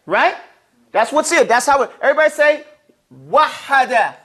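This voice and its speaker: Man, teacher, classroom lesson, call-and-response, patient explaining, strikingly high voice. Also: animated, moderate pace, sharp tone. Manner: call-and-response, has the class repeat words. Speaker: Arabic and Quran recitation teacher.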